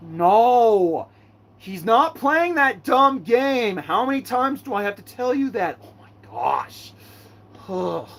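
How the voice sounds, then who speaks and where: A channel host doing a live fan Q&A, ranting excitably about characters with sudden bursts of shouting. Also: medium pitch, slow pace.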